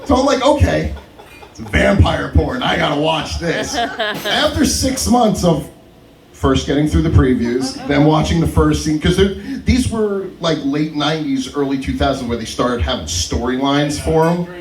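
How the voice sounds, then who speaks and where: A man's voice: on the high side, normal speed, crowd noise. A young adult man doing stand-up at an open mic, telling stories and laughing through them. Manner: animated, laughs through his own stories. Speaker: stand-up comedian. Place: comedy club stage. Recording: roomy club sound, mic at a distance.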